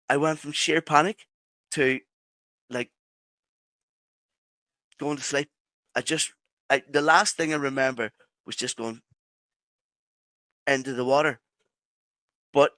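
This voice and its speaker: A man with an Irish accent, a podcast guest telling a personal story in halting phrases with many restarts. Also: mid-range voice, sharp tone, no room sound. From Ireland.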